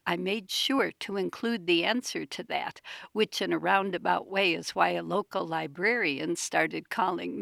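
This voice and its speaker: Older woman in her sixties, gravelly and lower-pitched, reads her essay with a chatty, wry delivery. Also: dry recording. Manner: chatty and wry, with lively asides. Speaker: bird writer. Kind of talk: reading a personal essay.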